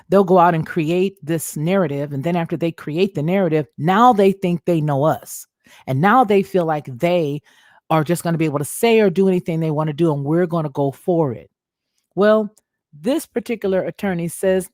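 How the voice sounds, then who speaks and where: A woman's voice: on the low side, moderate pace, darkish tone, dry recording, clean studio sound. A woman hosting a commentary show, reading an article aloud and commenting on it in a conversational way. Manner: conversational, addresses viewers as y'all. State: feeling unwell, clearing throat.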